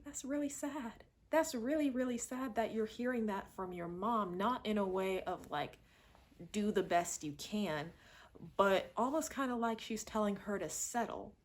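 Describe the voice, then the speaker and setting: A woman giving a casual, chatty movie review and talking expressively. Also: lowish voice. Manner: chatty, expressive, acts out lines in quotes.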